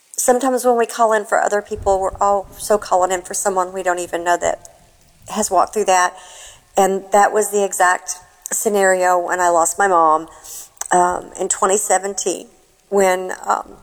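A woman from Kentucky calling in to a prayer line, speaking in a tearful, heartfelt way with many pauses and fillers. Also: mid-range voice, poor audio. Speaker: caller. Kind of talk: emotional phoned-in message.

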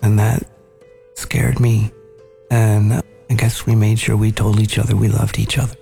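Low gravelly-voiced man telling a story. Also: completely flat delivery, mellow, faint music behind. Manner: earnest, measured, recounting memories. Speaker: podcast host. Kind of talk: reflective storytelling conversation.

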